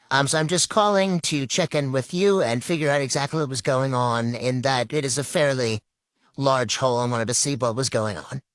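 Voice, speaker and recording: A man's voice: medium pitch, a bit bright. A young man playing a patient, apologetic residence hall staffer in comedy phone skits. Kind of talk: comedic phone-call skit.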